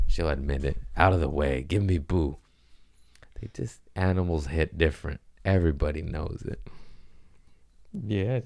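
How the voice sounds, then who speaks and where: Deep-voiced man ranting on a podcast. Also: darkish tone, no room sound, studio quality. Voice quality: profane, rambling, jokey. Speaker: comedian podcast host. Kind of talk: casual podcast chat.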